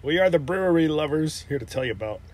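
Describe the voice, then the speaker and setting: A man's voice: fairly high pitch, lively intonation, fast, a little mellow. Joking New man talking beer. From New Jersey. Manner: joking, explains beer styles at length. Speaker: beer vlog co-host. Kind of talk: casual beer tasting chat.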